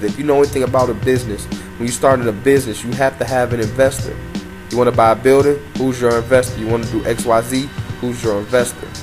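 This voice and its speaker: A man reading a document aloud and commenting emphatically, with rhetorical questions. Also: mid-range voice. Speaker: commentary host. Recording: over loud background music.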